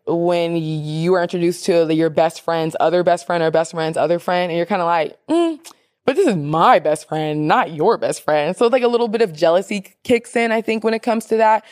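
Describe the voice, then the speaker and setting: A woman's voice: on the low side, no room sound, clean studio sound. A young woman hosting a casual advice podcast, chatty and opinionated, reading listener questions and mimicking people playfully. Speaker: podcast host.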